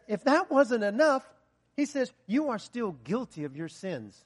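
A man preaching a sermon with passion, rising to loud peaks and sinking to a hushed, earnest tone. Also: extremely high pitch, very animated, a little slow, husky.

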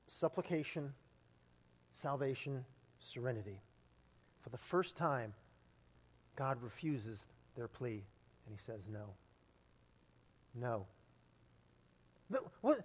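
A man preaching a sermon as pastor, telling stories and building to loud, emphatic peaks. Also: medium pitch, animated, takes it slowly, long pauses. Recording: long hall reverb.

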